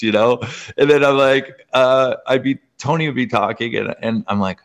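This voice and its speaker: A man from Canada, a guest author, telling personal stories in an interview, full of fillers and sudden jumps up in pitch. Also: moderate pace. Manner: animated, filler-heavy, frequent jumps up in pitch. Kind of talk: emotional personal storytelling in an interview.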